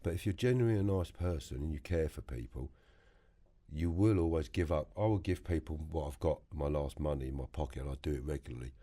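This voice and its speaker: A man with a London accent, a podcast guest telling animated prison stories, acting out other people's voices and swearing freely. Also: a bass voice, fast. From England. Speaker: interview guest. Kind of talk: storytelling interview. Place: podcast studio.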